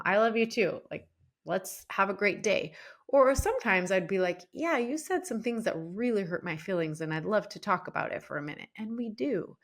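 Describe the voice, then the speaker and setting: A woman in her forties chatting as a podcast guest, with a voice of ordinary pitch for a woman. She tells stories from her marriage in a loose, lively way and slips into quoted lines from past arguments. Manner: animated, acts out past scenes in her own voice. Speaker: relationship coach and author, podcast guest. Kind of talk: casual podcast interview storytelling.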